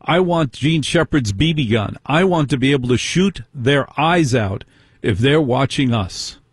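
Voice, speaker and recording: A middle-aged male talk radio host with a husky voice and a dry, close sound. He talks in an indignant way and keeps firing rhetorical questions at his listeners. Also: mid-range voice, expressive, unhurried, dry recording. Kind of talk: call-in talk radio monologue.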